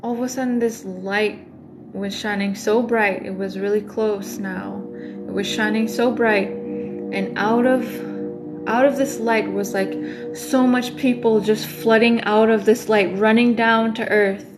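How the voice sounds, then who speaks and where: A woman's voice: mid-range voice, steady tone, unhurried, over music. A woman tarot reader on a livestream, telling a dream in a rambling way with many fillers.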